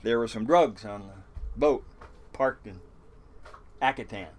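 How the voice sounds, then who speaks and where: A man's voice: medium pitch, measured pace. An older man, a fishing boat captain, telling rambling stories in a casual interview, swearing freely and chuckling through many restarts.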